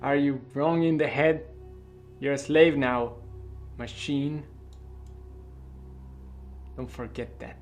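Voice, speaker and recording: Brief: man voicing a cruel mocking guard, middle pitch, sneering delivery. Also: takes it slowly, pauses often, faint music behind, lightly acted. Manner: sneering, taunting.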